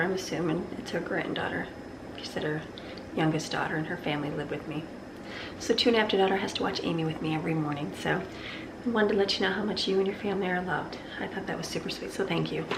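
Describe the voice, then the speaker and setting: A woman's voice: on the low side, creaky, background noise. A woman, a homeschooling mom, chatting casually and cheerfully in a vlog from her home kitchen. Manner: upbeat, chatty, gushing.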